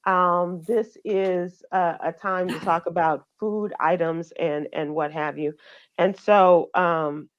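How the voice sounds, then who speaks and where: A woman with a low voice hosts a radio show and runs through the headlines in an easy, conversational way. She talks with plenty of fillers and restarts, and the audio sounds a little muffled. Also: fairly even intonation, slow. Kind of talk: casual news chat.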